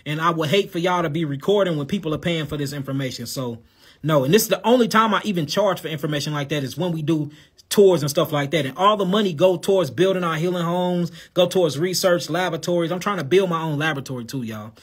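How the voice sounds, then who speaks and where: A man's voice: a little high, fast talker, husky. A man from St. Louis with a St. Louis accent and a lisp, casually answering viewer questions on a live show. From St. Louis, USA. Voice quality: lisp on s sounds. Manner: casual, addresses viewers as y'all and God. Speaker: herbal health host.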